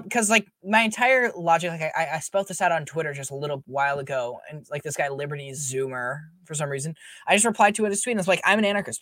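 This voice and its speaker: A man's voice: on the high side, fairly bright tone, no room sound. A young man as a podcast guest, talking earnestly in casual chat and filling his sentences with "like". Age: young adult. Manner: earnest, filler-heavy, lots of "like".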